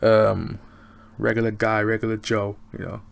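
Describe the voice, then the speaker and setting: A man's voice: lowish voice, level tone, moderate pace, creaky. An English man reviewing a show in a loose, rambling, chatty way. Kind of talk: casual review chat.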